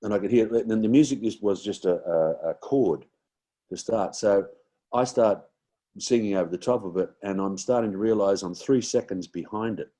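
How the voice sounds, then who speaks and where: A man's voice: on the low side, moderate pace, warm tone. A man in his sixties with an Australian accent, a guest comedian telling rambling stories in a casual chat, with many fillers and restarts.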